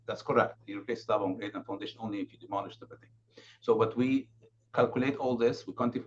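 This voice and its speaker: A man giving a consultant's presentation at a council meeting, halting with many fillers and restarts. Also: lowish voice. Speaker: building condition consultant presenting. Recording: dull lo-fi remote audio, faint noise.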